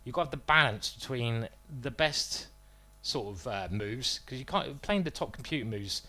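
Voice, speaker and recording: A man's voice: medium pitch, expressive, moderate pace, bright, forceful tone. A man talking casually on a live stream as a chess streamer, rambling and informal with the odd swear word.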